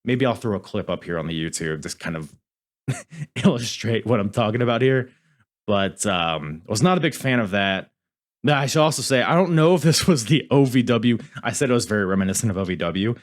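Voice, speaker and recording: A man's voice: fairly low pitch, lively intonation, brisk. A man hosting a podcast in casual review chat, rambling and swearing, often cutting himself off mid-sentence. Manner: rambling, profane, self-interrupting. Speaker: podcast host.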